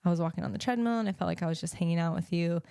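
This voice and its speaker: Young American woman hosting a solo podcast, casual and rambling, lowish voice with fry, smooth and dry. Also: rapid-fire, mellow, no echo. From United States. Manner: chatty, rambling, many ums and restarts. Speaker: podcast host and life coach.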